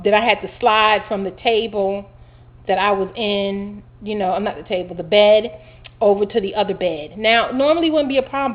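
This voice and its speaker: Chatty woman on lo-fi home video. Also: mid-range voice. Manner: chatty, animated retelling with many fillers. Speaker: vlogger recounting her surgery. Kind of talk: casual storytelling to camera. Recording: dull lo-fi home video audio.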